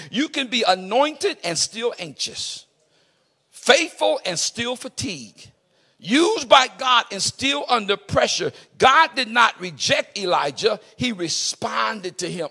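A man preaching a sermon in an impassioned way, rising to shouts with a sing-song cadence. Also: very high-pitched, vocal fry, breathy edge.

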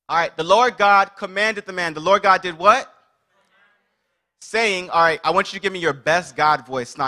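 A male preacher with a fairly high, bright, forceful voice, leading a lively interactive sermon. He keeps calling out to the people in front of him and pushes them to answer back. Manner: energetic, calls out to the congregation.

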